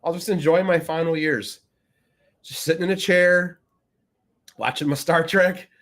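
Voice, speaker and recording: A man co-hosting a podcast in casual chat, rambling with many fillers and often trailing off quietly. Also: fairly high pitch, unhurried. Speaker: podcast co-host.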